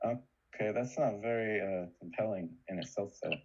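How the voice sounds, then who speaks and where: A man in loose, joking banter, mock-formal and quick to swear. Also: fairly low pitch, a little mellow, dull audio.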